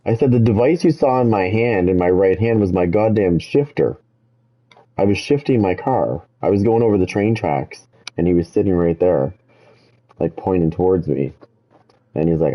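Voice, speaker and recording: Low-voiced man ranting over gameplay. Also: brisk, highs cut off. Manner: rambling, animated when quoting himself, swears freely. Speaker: gaming streamer. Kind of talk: casual storytelling over gameplay.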